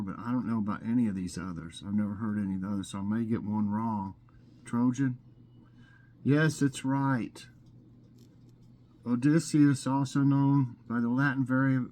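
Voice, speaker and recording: On his laid-back vlog, a man from Scotland with a medium pitch works through trivia questions aloud, musing to himself and using fillers.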